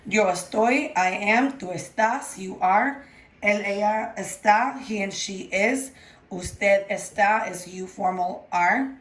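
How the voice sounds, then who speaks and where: Slow, patient woman teaching grammar. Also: medium pitch. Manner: patient, repeats "okay?" to check understanding. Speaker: Spanish teacher. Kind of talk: recorded grammar lesson.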